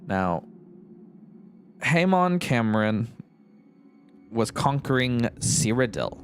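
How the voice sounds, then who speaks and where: A man's voice: mid-range voice, lively intonation, unhurried, long pauses, a little hiss or hum. A man narrating his gameplay in a rambling, musing way, often correcting himself with chuckling asides. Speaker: let's-play host.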